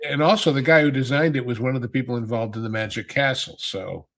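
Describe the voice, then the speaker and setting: Man, podcast panelist, nostalgic, rambling storyteller, medium pitch. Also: fast talker, fairly bright tone. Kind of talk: casual podcast chat.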